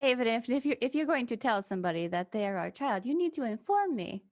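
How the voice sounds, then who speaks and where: A woman's voice: on the high side, big pitch swings, fast talker, a little mellow, no room sound, clean studio sound, pitched above the performer's own voice. A woman voicing a stern female half-orc councillor who speaks in a precise, clipped, formal way.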